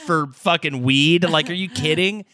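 A man with a fairly high, bright voice that swings widely in pitch chats on a podcast. He is excitable and slangy, swearing often, and the sound is dry and close. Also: moderate pace, smooth, no room sound. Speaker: podcast co-host. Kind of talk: casual podcast chat.

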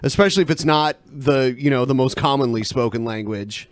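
A man's voice: mid-range voice, brisk, no room sound. A man co-hosting a podcast, chatting casually, hedging his points and reading out sponsor names. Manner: laid-back, hedging, reads out sponsors. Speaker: podcast co-host. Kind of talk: casual chat.

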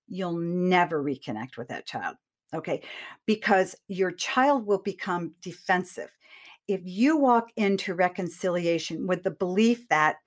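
A woman giving earnest, direct advice to parents, talking straight to the listener in a coaching manner. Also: fairly low pitch.

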